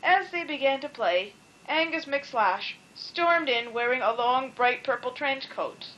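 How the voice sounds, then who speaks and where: A woman reading a children's storybook aloud in a playful, expressive way. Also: sits high, unhurried, slight background noise, rough recording. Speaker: storybook reader.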